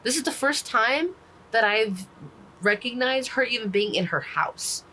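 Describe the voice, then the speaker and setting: A woman's voice: a little high, animated, unhurried, pushed and bright, poor audio. A woman casually recapping a book, rambling with lots of "like" fillers and the odd swear word. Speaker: book reviewer.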